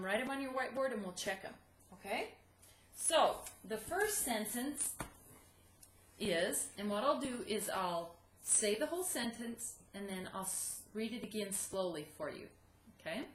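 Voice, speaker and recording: Woman teacher, warm encouraging manner, slow clear dictation, roomy echo with faint hiss behind. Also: medium pitch. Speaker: second grade teacher. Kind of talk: video lesson for young students.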